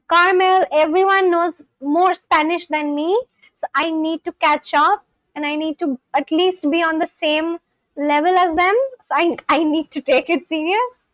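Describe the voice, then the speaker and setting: A language-learning livestream host with a very high voice chats casually with her viewers and reads out their comments. She's chatty and rambling, frequently breaking off sentences and correcting herself. The audio is poor, with no room sound.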